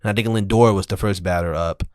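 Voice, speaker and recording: A man with a fairly low voice and a quick, animated way of talking, co-hosting a podcast in casual chat. He acts out the quoted exchanges as he tells his stories. The sound is close and dry. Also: no room sound. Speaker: podcast co-host.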